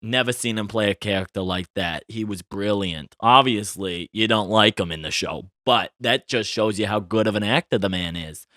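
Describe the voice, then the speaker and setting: A male podcast host with a bright, forceful voice, gossiping casually and expressively. He is close to the mic in a dry, dead room and keeps tossing in little tag questions. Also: fairly low pitch, moderate pace, few pauses, no room sound. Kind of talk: casual celebrity gossip chat.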